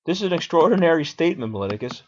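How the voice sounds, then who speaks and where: A man's voice: on the high side, big pitch swings, very fast, darkish tone, a little hiss or hum, voice pushed up. A man voicing an aged male philosopher defending himself in court, arguing and questioning in a dramatic reading on a dull lo-fi recording. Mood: defiant. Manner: argumentative, questioning.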